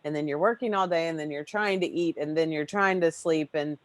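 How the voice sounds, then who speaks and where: Lower-voiced woman hosting a podcast. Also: fairly quick, dry recording. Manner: effusive, rambling, swears casually. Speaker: podcast host. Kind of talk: casual podcast chat.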